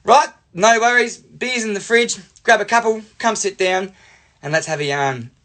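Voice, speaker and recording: A man's voice: high-pitched, normal speed, pitched above the performer's own voice. A man voicing his easygoing father welcoming guests. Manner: relaxed, welcoming.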